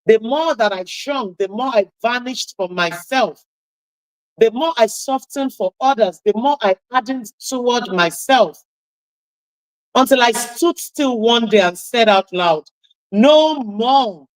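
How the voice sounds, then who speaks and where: A woman with a husky voice hosting a radio talk show, giving an impassioned motivational talk and repeating key phrases for emphasis. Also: fairly high pitch, unhurried, no room sound, low-quality recording.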